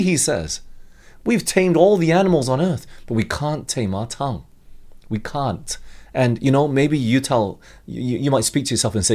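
A man's voice: medium pitch, animated, moderate pace, darkish tone. A middle-aged man preaching a sermon, asking the congregation questions and reading scripture aloud.

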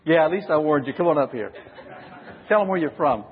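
A man's voice: on the high side, lively intonation, a little fast. A man preaching a sermon to a congregation, questioning the listeners and acting out examples. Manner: questions the audience and acts out examples. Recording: dull recording with long hall reverb.

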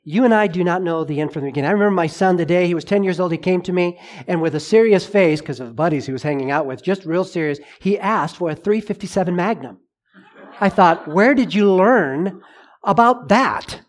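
A middle-aged man preaching a sermon, telling a personal story with lively acted-out dialogue. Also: high-pitched, fast. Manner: animated storyteller, acts out dialogue.

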